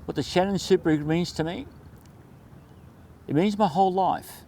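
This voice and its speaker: A man, the regular driver of an event truck, telling stories in a casual, animated way and acting out the voices in them. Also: sits high, normal speed. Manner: animated, acts out voices in anecdotes. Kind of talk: casual storytelling interview.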